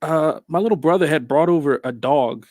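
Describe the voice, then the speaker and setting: A man's voice: fairly high pitch, moderate pace, a little mellow, no echo, clean studio sound. A man co-hosting a radio talk show, chatting in an easygoing, hesitant way. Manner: easygoing, hesitant, many fillers and restarts. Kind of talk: casual radio chat. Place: radio studio.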